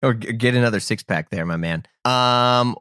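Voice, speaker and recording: A man's voice: medium pitch, moderate pace, a bit bright, smooth, no room sound, studio quality. Easygoing male podcast host. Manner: easygoing, responsive, laughs along. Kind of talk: casual interview chat.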